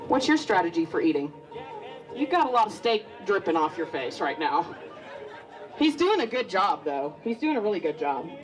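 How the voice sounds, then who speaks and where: A woman's voice: fairly low pitch, very animated, normal speed, faint music behind, some chatter behind, rough recording. A woman emceeing a live eating contest on a handheld mic, bubbly and joking as she chats with contestants. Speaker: event emcee. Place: busy restaurant event.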